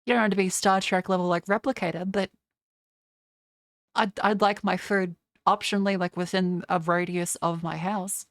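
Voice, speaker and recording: A woman's voice: lowish voice, little pitch movement, moderate pace, no echo, studio quality. A young woman streamer in casual livestream chat, ranting with a lot of swearing and mocking others in put-on voices. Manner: profane, ranting.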